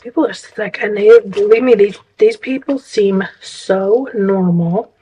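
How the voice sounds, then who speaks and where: A woman's voice: medium pitch, unhurried, warm tone, slight background noise, low-quality recording. Chatty woman vlogger, exasperated storytelling. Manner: chatty, exasperated, rambling with restarts. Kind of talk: casual storytime chat.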